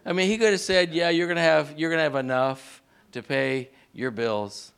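Man, pastor, lively call-and-response sermon, fairly high voice, smooth resonant tone. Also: moderate pace. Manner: call-and-response preaching, asks the congregation to repeat; animated, swings pitch up on key words.

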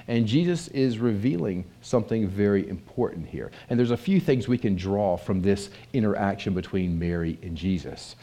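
A man with a lowish voice preaches at a moderate pace, barely pausing. He keeps the sermon conversational and animated, often asking the audience questions.

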